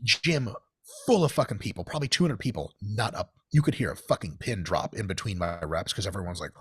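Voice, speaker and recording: A man's voice: fairly low pitch, fairly quick, slightly rough, dry recording, studio quality. An American man telling gym stories in a casual, profane podcast chat. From United States. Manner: profane, storytelling, animated. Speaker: guest.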